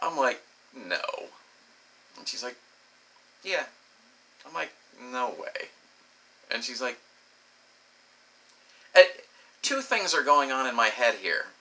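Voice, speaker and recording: A middle-aged man telling a crude personal story, animated and swearing freely. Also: medium pitch, normal speed, pauses often, a little hiss or hum. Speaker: comedic storyteller.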